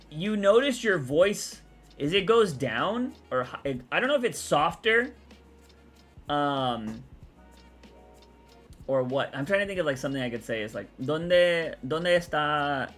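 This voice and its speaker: A young man from Texas, chatting casually on a livestream, rambling and answering chat out loud. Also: on the high side.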